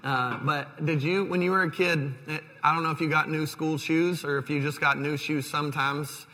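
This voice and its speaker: A man in his thirties preaching a sermon as pastor, in a relaxed, conversational way with fillers and restarts. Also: a little high, normal speed. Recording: long hall reverb.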